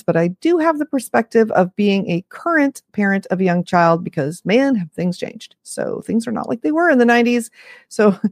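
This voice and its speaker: A woman's voice: medium pitch, darkish tone, no room sound. Woman, fifties, parenting coach talking straight to listeners; chatty and frank with wry asides, dry close sound. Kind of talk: casual talk to camera.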